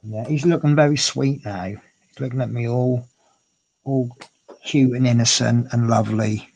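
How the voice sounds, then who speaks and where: A man's voice: medium pitch, steady tone, normal speed, vocal fry, a little mellow, no room sound. A man chatting casually on a livestream from home, rambling and cooing at his cat. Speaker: streamer. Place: at home indoors.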